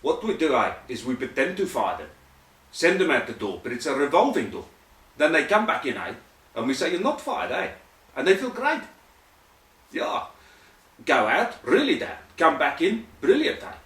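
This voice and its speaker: A man's voice: on the high side, very animated, moderate pace, a bit bright, echoey room, distant mic, voice pushed up. A man doing a smug South African boss. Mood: smug, breezy. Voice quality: chatty, tags lines with "eh". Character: breezy, self-satisfied South African male club boss.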